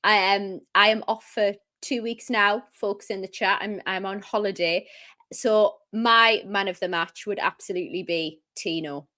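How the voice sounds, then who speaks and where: A woman co-hosting a live football show, enthusiastic and quick, chatting casually about the match. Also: medium pitch, steady tone, bright, forceful tone. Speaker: co-host.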